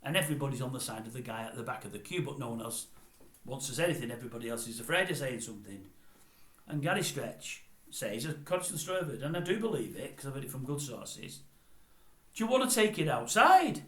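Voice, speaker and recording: A man's voice: medium pitch, expressive, quick pace, fairly bright tone. Older man telling a story. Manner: conversational, digressive, chatty. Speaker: vlogger. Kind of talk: rambling storytelling monologue. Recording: roomy echo.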